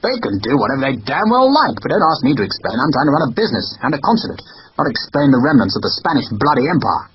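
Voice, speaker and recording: Man voicing a middle-aged merchant consul, bad-tempered, hard clipped speech, lively swearing. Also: medium pitch, fast talker, husky. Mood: irritable. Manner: grumbling and cursing. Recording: dull lo-fi recording.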